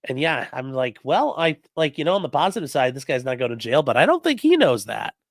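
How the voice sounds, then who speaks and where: A man's voice: medium pitch, brisk, dry recording, studio quality. A man who works as a defense attorney, telling courtroom stories in a casual, profane way and acting out the people he quotes. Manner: profane, animated storytelling with acted-out quotes. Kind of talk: casual livestream chat.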